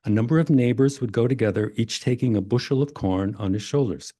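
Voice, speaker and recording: An older man from Maine giving a relaxed genealogy talk in a library, reading old records aloud with self-deprecating asides. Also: mid-range voice, brisk, no echo, clean studio sound. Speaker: genealogy presenter. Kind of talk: library presentation to a society audience. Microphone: presenter mic in a library meeting room.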